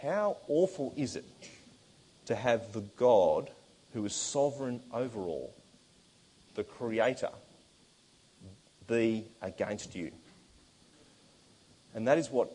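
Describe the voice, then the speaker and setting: A man preaching a sermon, earnest and emphatic, slowing down to stress key words. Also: on the low side, a little mellow, breathy edge.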